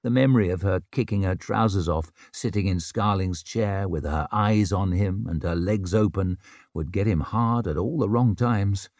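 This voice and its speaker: A man narrating a fantasy novel as an audiobook, telling it in an expressive, dramatic way. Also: low voice, normal speed, dry recording, clean studio sound.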